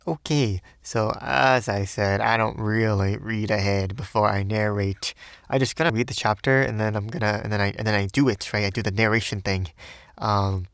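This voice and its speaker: A man's voice: lowish voice, fairly even intonation, moderate pace, vocal fry, a bit bright, clean tone, no room sound, studio quality. Rambling male audiobook narrator. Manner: rambling, filler-heavy, self-deprecating. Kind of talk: audiobook reading and casual commentary.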